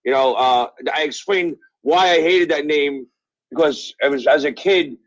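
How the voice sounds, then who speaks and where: A middle-aged man tells stories in a rambling, profane way, full of "uh" and "like," at a slightly raised pitch. He is heard over a phone line, dull and muffled at the top end. The sound is dry, with no room around it. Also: a little slow, no echo. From Brooklyn, New York. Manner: rambling, profane storytelling with many fillers. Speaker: guest, author. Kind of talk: casual interview chat. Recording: dull phone-call audio.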